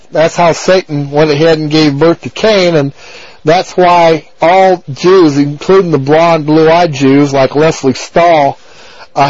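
A man's voice: a little high, a little mellow, dry recording. A man hosting a talk radio show, rambling on in a crude, abrasive monologue full of repeated filler phrases. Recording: dull lo-fi radio broadcast.

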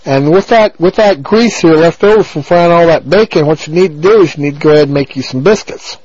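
A man on a dull, lo-fi radio broadcast, his voice sitting a bit high for a man. He rambles on in a crude, abrasive way, looping back on the same filler phrases. The mic is close and dry. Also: brisk, a little mellow, no room sound. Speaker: talk radio host. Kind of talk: rambling on-air monologue.

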